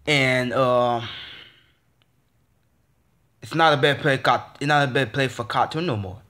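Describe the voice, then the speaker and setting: A man's voice: mid-range voice, a little slow, bright, forceful tone. A young man ranting in a casual vlog, frustrated and swearing, with many stumbling restarts and repeated phrases. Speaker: vlogger.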